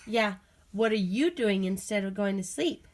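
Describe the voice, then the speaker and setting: A woman's voice: medium pitch, lively intonation, normal speed, slight background noise. A young mother at home, playfully coaxing and questioning her toddler at bedtime in a casual home video.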